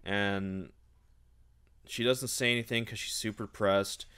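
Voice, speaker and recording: A man's voice: lowish voice, fairly even intonation, unhurried, sharp tone, clear, resonant tone. A man recapping a novel in a casual, sarcastic and exasperated rant. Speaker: book reviewer.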